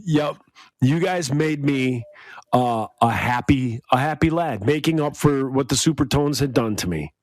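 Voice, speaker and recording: A man's voice: mid-range voice, a little slow, a little mellow, dry recording. A man co-hosting a casual podcast, laid-back and joking, laughing often. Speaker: podcast co-host.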